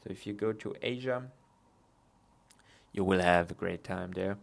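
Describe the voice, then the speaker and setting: A man with a low, gravelly voice co-hosts a casual podcast chat, speaking slowly over an online call setup. He's chatty and laughs off technical trouble.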